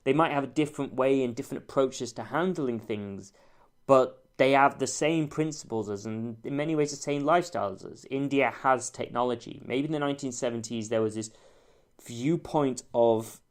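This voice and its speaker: A man's voice: medium pitch, moderate pace. A man reviewing an old TV series in a casual spoken monologue, thoughtful and careful, often correcting himself mid-sentence. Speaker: TV show reviewer.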